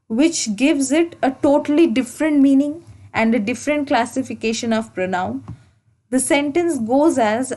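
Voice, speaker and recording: A woman teaching an English grammar lesson for exam preparation, explaining slowly and deliberately, repeating key points and correcting herself as she goes. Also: on the high side, a little mellow. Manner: slow, deliberate explaining with repetition and self-corrections.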